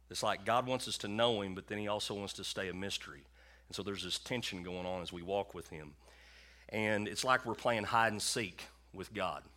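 A man's voice: on the low side, bright, forceful tone. A man preaching a sermon in a church to his congregation, in a folksy, conversational way with lots of repetition. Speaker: pastor.

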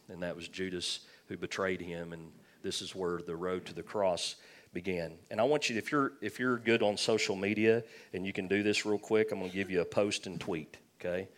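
A man's voice: sits low, fairly even intonation, moderate pace, a bit bright. A man preaching a sermon, telling a personal story and calling for amens. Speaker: pastor.

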